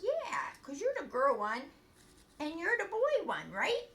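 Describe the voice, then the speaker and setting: Older woman, grandmotherly storyteller talking to puppets. Bright, sing-song voice in an echoey room. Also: very high voice, wildly swooping pitch, unhurried, a little hiss or hum. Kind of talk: children's bedtime story show.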